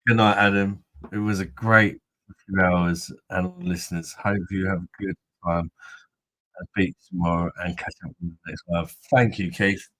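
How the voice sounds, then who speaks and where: A man's voice: deep voice, fairly even intonation, normal speed, a bit bright, dry recording, low-quality recording. A man from Kent, hosting a live stream and bantering with viewers in crude, jokey chatter. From Kent, England. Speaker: host of a beer review live stream. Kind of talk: casual live-stream chat.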